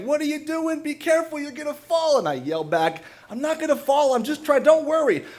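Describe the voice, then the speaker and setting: Man telling a self-mocking story. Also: mid-range voice. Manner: conversational, self-mocking humor. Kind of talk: live personal storytelling.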